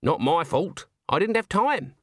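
A man's voice: on the high side, very animated, a little slow, fairly bright tone, dry recording, clean studio sound, voice pushed up, heavily acted. A man voicing a stern, haughty old woman witch who speaks in a curt, clipped, disdainful way. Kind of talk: audiobook character voice.

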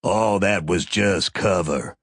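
A man reading an audiobook, voicing a smug, smooth male officer who speaks in a measured, dismissive way. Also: fairly low pitch, lively intonation, no room sound, studio quality.

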